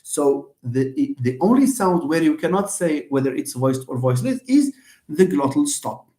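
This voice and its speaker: A man's voice: on the high side, very animated, normal speed, dark tone. Moroccan man teaching phonetics, roomy echo. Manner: switches between English and Moroccan Arabic, jokes with students, demonstrates sounds. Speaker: university lecturer. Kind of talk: live online phonetics lesson.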